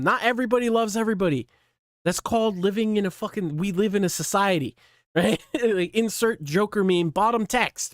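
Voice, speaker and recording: A man's voice: high-pitched, a bit bright, no room sound, studio quality. A man hosting his own channel, scolding someone bluntly in a profane, ranting commentary. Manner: blunt, scolding, heavy swearing. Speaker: channel host.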